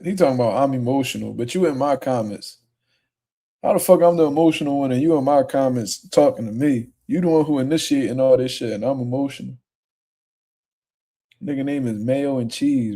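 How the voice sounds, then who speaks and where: A man's voice: mid-range voice, normal speed, warm tone. A young man hosting a casual livestream, reading viewer comments and answering them in a profane, laid-back way that turns heated. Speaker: livestream host.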